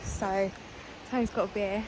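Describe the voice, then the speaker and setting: A woman hosting a casual travel vlog, chatty and excitable with quick asides, filming on a handheld camera. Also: medium pitch. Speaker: vlogger. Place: in a campervan on the road and outdoors. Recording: loud road and wind noise.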